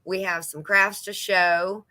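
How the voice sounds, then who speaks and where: Woman co-host of a live craft chat, unhurried delivery, bright voice, dry close sound. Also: mid-range voice, steady tone, dry recording. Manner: laughs often, reads out viewer comments. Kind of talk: casual live-stream chat with viewers.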